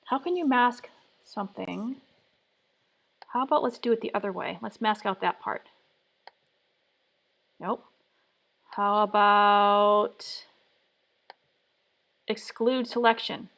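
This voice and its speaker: This woman talks in a mid-range voice with vocal fry and a fairly bright tone, taking her time and leaving long pauses. Live-streaming design work from her home workspace, she mutters and thinks aloud through attempt after attempt.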